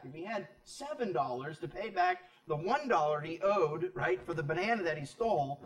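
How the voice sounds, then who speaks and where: A man's voice: a little high, very animated, fairly quick, hardly any pauses. A man, a pastor, teaching a Bible sermon in an emphatic, conversational way, full of rhetorical questions. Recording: echoey room, distant mic.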